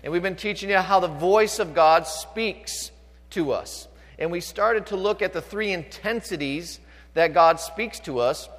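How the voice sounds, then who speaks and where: A man's voice: high voice, a little slow, fairly bright tone. A male pastor preaching a sermon, asking the congregation for responses as he teaches. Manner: preaching with call-outs to the congregation. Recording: long reverb of a large hall.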